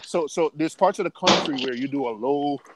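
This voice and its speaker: Emphatic man, slightly high voice. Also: brisk, very noisy. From United States. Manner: talkative, emphatic, opinionated. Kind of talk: casual chat.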